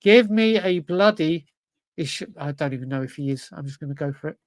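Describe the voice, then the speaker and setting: Male co-host, high-pitched, dry close mic, English, swears, talks to himself mid-quiz. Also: lively intonation, fairly quick, dry recording. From England. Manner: swears freely, blurts answers, talks to himself. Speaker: podcast co-host. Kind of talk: casual chat while playing a football quiz.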